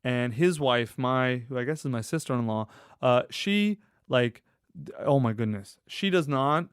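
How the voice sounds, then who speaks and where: A man's voice: medium pitch, measured pace, clean tone, no echo, studio quality. A man, a podcast guest, telling personal stories in a casual, emphatic way, swearing now and then. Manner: animated, emphatic, casual swearing, acts out quoted friends. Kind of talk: casual conversational storytelling.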